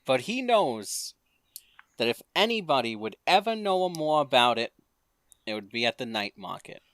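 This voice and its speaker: A man narrating his character's backstory in a tabletop game, with slow, deliberate storytelling. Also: medium pitch, sing-song, a bit bright, no echo. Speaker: player.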